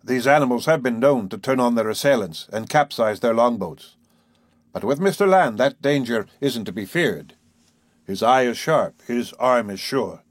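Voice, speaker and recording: A man voicing a calm, commanding male sea captain, speaking in a measured, formal way in a read-aloud story. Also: medium pitch, no room sound, studio quality, lightly acted.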